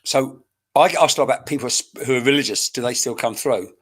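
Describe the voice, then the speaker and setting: A man at a computer microphone, working through a live mediumship reading. His talk is chatty and searching, full of asides, and he calls out to viewers by name. His voice sits at a middling pitch. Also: quick pace, fairly bright tone, slightly rough. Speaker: psychic medium.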